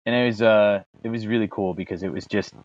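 A man co-hosting a podcast, talking in a relaxed, reflective way with "dude" and "like". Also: fairly low pitch, fast talker, lo-fi sound. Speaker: podcast co-host. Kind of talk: casual chat.

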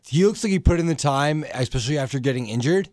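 A man's voice: fairly high pitch, lively intonation, fast talker, a little mellow, no room sound. A man co-hosting a podcast, talking casually about wrestling like an eager fan, with many filler words. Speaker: podcast co-host.

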